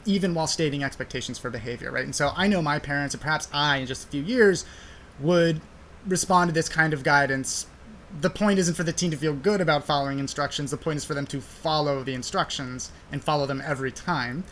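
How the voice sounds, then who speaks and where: A man's voice: a little high, a bit bright, a little hiss or hum. A young man hosting a podcast, explaining a study in a casual, conversational way with frequent fillers. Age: young adult. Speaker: podcast host.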